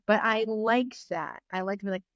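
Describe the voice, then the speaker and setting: A woman guest in a casual podcast interview, chatting in an animated, storytelling way. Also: medium pitch, unhurried, no echo, highs cut off. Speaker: actress guest.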